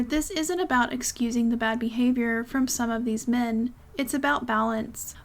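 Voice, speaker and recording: A woman narrating a scripted commentary in a measured, even way. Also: a little high.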